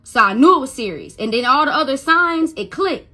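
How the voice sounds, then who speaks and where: A woman's voice: high voice, animated, fairly quick, pushed and bright, faint music behind. A young adult woman, a mother, telling an emotional first-person story, stuttering and repeating words when upset and quoting others as she goes.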